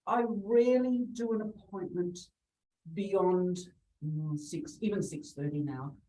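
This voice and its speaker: A middle-aged woman with a lowish voice talks through her work as an interview guest. She is chatty and laughs often. She is recorded a little far from the microphone. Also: slow, dark tone, slight background noise. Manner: chatty, laughs often, acts out quoted callers. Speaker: real estate agent guest. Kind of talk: conversational interview. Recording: distant from the mic.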